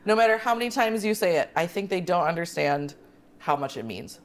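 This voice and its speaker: A woman's voice: lowish voice, expressive, brisk. A woman, a film director guesting on a podcast, talking candidly and trailing off with fillers. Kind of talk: casual interview chat.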